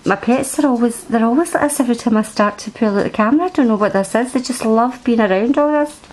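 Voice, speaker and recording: A woman's voice: fairly high pitch, fast, darkish tone, low-quality recording. A woman chatting through a card deck review at home, rambling and restarting her sentences. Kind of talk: casual show-and-tell review. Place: at home, indoors.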